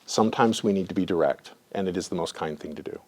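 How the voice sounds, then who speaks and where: A man's voice: sits low, fast talker. A middle-aged man, a clinical supervisor, giving a conversational lecture full of personal stories and often checking in with his audience.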